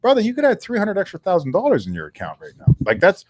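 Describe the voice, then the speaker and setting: A man, a co-host and former pro football player, telling animated, candid stories in casual sports talk and swearing now and then. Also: high voice, fast talker, no echo.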